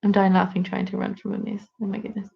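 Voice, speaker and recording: A woman's voice: medium pitch, completely flat delivery, fast, creaky, lo-fi sound. A British woman in her twenties hosting a live craft stream, chatting casually and teasing herself while reacting to viewer comments.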